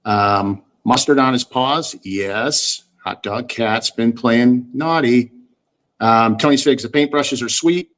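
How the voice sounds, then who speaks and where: A man's voice: mid-range voice, slow, a bit bright. Easygoing man co-hosting a live stream. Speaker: co-host reading viewer comments. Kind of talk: casual live-stream chat.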